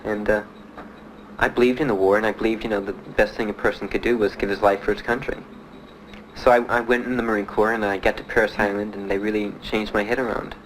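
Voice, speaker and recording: A man from Miami, a Marine veteran, telling his story in an interview, plain-spoken and halting with many fillers. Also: lowish voice, level tone, a little hiss or hum, poor audio. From Miami, United States. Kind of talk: interview recollection.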